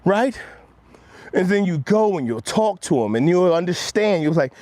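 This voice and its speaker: A man delivers an earnest pep talk while out on a walk, streaming live to his viewers. His pitch swings widely and sits a bit above the usual male range. He coaches steadily, and his voice drops low and quiet when he quotes himself. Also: animated, brisk, no echo. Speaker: motivational live-stream host. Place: outdoors on a walk.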